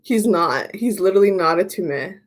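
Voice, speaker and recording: A woman's voice: on the low side, normal speed. Rambling woman hosting a casual livestream. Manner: rambling, repeats herself, animated storytelling. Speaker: tarot reader and livestream host.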